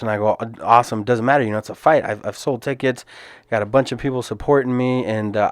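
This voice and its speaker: A man's voice: fairly low pitch, clean tone, no room sound. A young man hosting a podcast, telling a personal story in a casual, earnest way, often restarting and repeating his words. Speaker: podcast host and MMA fighter.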